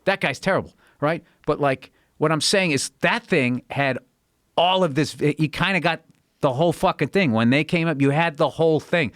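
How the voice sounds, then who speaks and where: A man who is a guest comedian, ranting in casual podcast chat, animated and profane, and slipping into mocking voices. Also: a little high, moderate pace, dry recording, studio quality.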